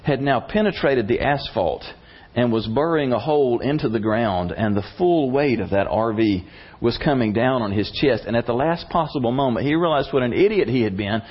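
A man preaching a sermon and telling a story in an animated way, his voice rising at tense moments. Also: mid-range voice, normal speed, slightly rough. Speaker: pastor. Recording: slightly dull lo-fi recording.

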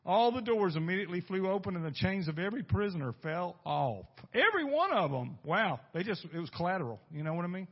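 A male pastor preaching a sermon, swinging from loud bursts to hushed asides and asking the congregation rhetorical questions. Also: high voice, fast, hardly any pauses. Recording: dull lo-fi recording.

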